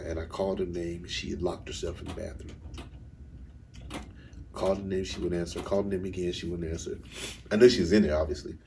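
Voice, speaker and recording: Deep-voiced middle-aged man telling a story. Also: darkish tone, slight background noise. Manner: candid, emotional, with chuckles and self-corrections. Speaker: vocal coach. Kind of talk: personal storytelling monologue.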